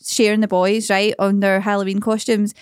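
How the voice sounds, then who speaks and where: A woman's voice: medium pitch, flat delivery, moderate pace, smooth, dry recording. Scottish woman, dry close sound. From Scotland. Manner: explains and tells anecdotes. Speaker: podcast co-host. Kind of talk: casual chat.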